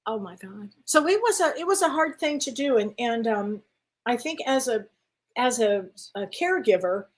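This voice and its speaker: A woman's voice: on the high side, normal speed. A woman guest in casual chat, telling her story with lots of acted-out voices and laughter. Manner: animated storyteller, acts out voices, laughs often.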